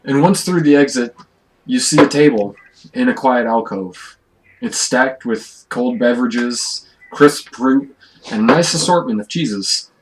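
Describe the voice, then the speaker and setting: A man acting as game master for an online tabletop game narrates, stopping and restarting often before he settles into unhurried description. His voice is medium-pitched and expressive, with background noise.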